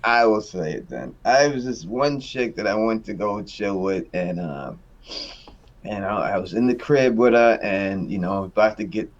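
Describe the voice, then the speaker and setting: A man's voice: fairly low pitch, normal speed, muffled recording. Boisterous man telling crude stories. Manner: boisterous, swears freely, laughs through stories. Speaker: podcast host. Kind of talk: crude casual storytelling.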